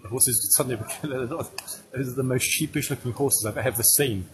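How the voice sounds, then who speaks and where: A man's voice: mid-range voice, normal speed, background noise. A man working as a tour guide, giving chatty, joking live commentary to a group outdoors. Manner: joking, chatty, addresses the crowd. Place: outdoors at a ceremony. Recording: outdoor crowd ambience.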